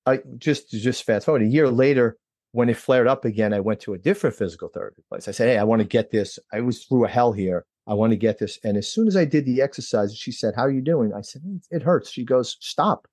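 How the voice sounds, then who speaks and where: A man's voice: fast, dry recording. Storytelling man from New Jersey, dry sound. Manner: lively, acts out quoted dialogue with pitch jumps. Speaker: interview guest. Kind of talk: personal storytelling.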